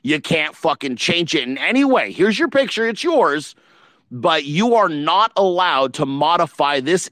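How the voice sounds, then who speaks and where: A blunt, profane man hosting a podcast, talking in loose casual chat. His voice sits a little high for a man and sounds close and dry, and he pushes his points with swelling emphasis. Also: fairly bright tone, no room sound. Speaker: podcast host.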